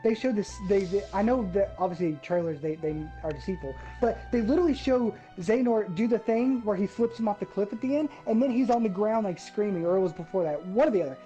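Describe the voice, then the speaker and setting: A woman's voice: mid-range voice, fast, few pauses, faint music behind. A woman ranting about a game in casual chat, swearing freely and getting worked up. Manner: profane, ranting, animated. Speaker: gaming podcast host.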